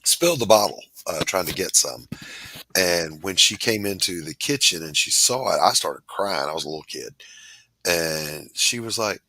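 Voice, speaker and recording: A man hosting a casual chat, telling folksy, animated stories and reading out comments. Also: low voice, moderate pace, dry recording, rough recording.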